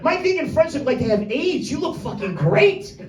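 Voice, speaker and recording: A man with a high voice doing a crude, rambling stand-up set and picking on people in the audience by name. He is recorded from a distance in an echoey little room. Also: sing-song, moderate pace. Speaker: stand-up comedian. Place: small room with a tiny audience.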